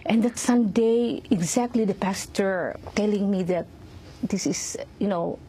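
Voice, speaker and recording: A middle-aged woman giving emotional personal testimony in an interview, speaking haltingly, repeating words and acting out quoted lines. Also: mid-range voice, dark tone, husky. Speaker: interview guest.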